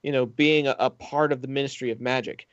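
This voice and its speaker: A man's voice: medium pitch, steady tone, a little fast, smooth, no room sound, lo-fi sound. A man co-hosting a podcast, talking through a film character in casual, thoughtful detail. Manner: detailed, thoughtful movie analysis. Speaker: podcast co-host.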